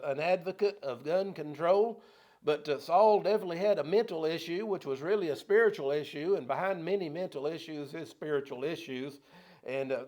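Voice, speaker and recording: A man leads a church Bible study in a folksy, homespun way. His voice sits a bit on the high side, and he reads each verse aloud, often loudly, before retelling it in everyday plain talk. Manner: folksy, reads scripture then paraphrases in plain talk, rising loud on quotes.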